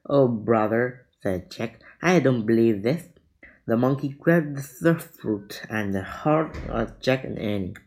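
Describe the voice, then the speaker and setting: A man reading a children's adventure book aloud, deliberate with small slips. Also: medium pitch, darkish tone, rough recording. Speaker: reader.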